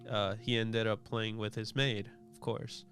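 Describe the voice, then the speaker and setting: A man's voice: fairly low pitch, level tone, unhurried, a bit bright, soft background music. A man co-hosting a podcast, chatting casually about anime episodes, stammering through restarts and chuckling at the scenes. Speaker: podcast co-host.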